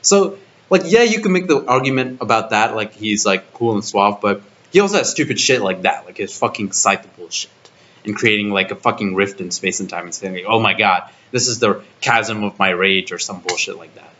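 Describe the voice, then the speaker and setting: A man's voice: on the low side, lively intonation, a little fast, fairly bright tone, a little hiss or hum. A young man reviewing an anime arc in a profane, exasperated rant full of restarts. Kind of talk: ranting video review. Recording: dull lo-fi mic.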